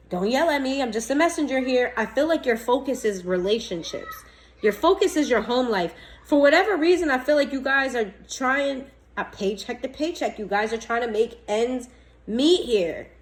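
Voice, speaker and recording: A woman's voice: on the high side, poor audio. A woman reading tarot to camera in a casual, blunt and chatty way. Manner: blunt, scolding, chatty, laughs often. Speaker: tarot reader.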